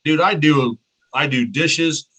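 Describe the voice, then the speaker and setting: A man with a bright, forceful voice co-hosts a relaxed podcast chat. He talks earnestly and rambles, often doubling back on his words as he thinks. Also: a little high, slow, husky, low-quality recording. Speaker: podcast co-host. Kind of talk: casual podcast interview.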